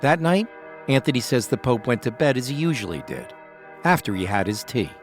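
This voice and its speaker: A man narrating a documentary podcast as host in a measured, scripted storytelling voice. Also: medium pitch, very animated, faint music behind.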